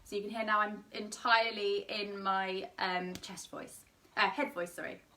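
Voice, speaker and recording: A woman's voice: medium pitch, steady tone, moderate pace, sharp tone, distant mic. A young woman teaching an online singing lesson with a slightly tired voice, explaining and demonstrating sung vowels.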